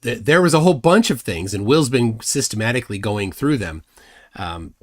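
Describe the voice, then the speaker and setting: A man's voice: mid-range voice, expressive, moderate pace. A middle-aged man hosting a live stream, rambling and self-deprecating with many restarts. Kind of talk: casual live commentary.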